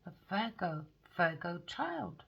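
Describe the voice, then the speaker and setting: A woman giving a spoken tarot reading, blunt and excitable, swearing freely. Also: lowish voice, slow pace, vocal fry, breathy edge, muffled recording. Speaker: tarot reader.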